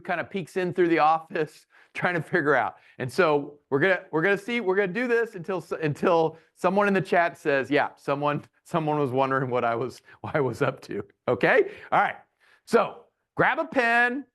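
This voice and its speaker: A middle-aged man giving a playful webinar talk as a humorist, bursting now and then into loud comic characters. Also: sits high. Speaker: keynote speaker and humorist. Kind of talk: lively webinar presentation.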